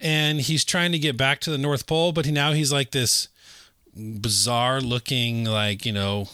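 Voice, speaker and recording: A man talks loosely about a movie he watched, halting and restarting his sentences. His voice is bright and forceful. The sound is dry and close, with no room echo. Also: mid-range voice, fairly even intonation, clean tone. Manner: rambling, halting, many fillers and restarts. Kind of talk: casual movie discussion.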